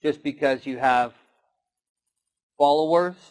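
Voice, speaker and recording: Delivering a motivational keynote, a man tells stories and briefly imitates animals. His fairly high voice is a little mellow and slow-paced, and the audio quality is poor.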